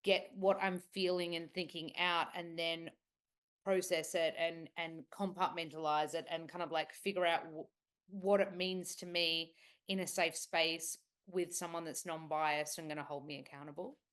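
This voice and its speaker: A woman's voice: low-pitched, level tone, moderate pace, a bit bright, smooth. An Australian woman chatting as a podcast guest, telling stories with playful impressions. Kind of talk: casual interview chat.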